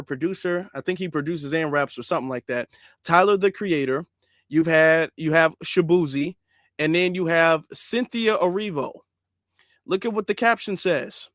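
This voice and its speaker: High voiced guy ranting on his channel, exasperated, dry room. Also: a bit bright, dry recording. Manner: exasperated, repeats "okay?" to drive points home. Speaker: commentary vlogger. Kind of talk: opinion rant.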